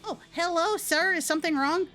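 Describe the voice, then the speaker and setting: A woman's voice: extremely high pitch, normal speed, a bit bright, soft background music. A woman voicing a polite, nervous ten-year-old boy in a video game, speaking timidly. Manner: timid, says sir.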